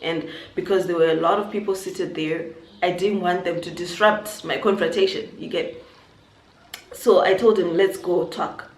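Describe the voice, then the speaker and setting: A young woman from Zimbabwe telling a personal story on her vlog, animated and acting out what people said. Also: on the low side, normal speed. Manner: animated storytelling, acts out quotes. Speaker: YouTuber. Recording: echoey room, faint noise.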